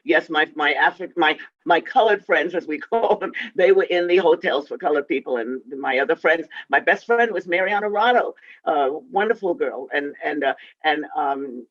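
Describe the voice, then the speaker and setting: A woman in her eighties telling a story from her youth in a halting way, with many restarts and fillers. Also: sits low. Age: 80s. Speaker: interviewed composer and pianist. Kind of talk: reminiscing storytelling. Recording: dull, dry lo-fi sound.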